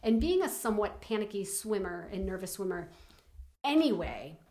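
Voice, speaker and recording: A middle-aged woman telling a personal story in an interview, halting with many fillers and restarts. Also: mid-range voice, big pitch swings, a little mellow. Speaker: guest.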